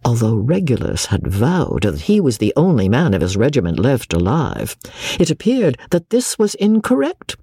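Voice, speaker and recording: A man narrating a classic novel as an audiobook, reading in an expressive storyteller's manner. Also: medium pitch, normal speed, husky, no room sound, clean studio sound.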